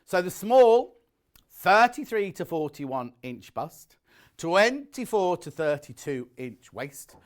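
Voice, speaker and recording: Guy on a shopping channel, fairly high voice, chatty sales patter, bit out of breath. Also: very animated. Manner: chatty, rapid sales patter with frequent self-corrections. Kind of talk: live TV sales pitch. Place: TV shopping studio.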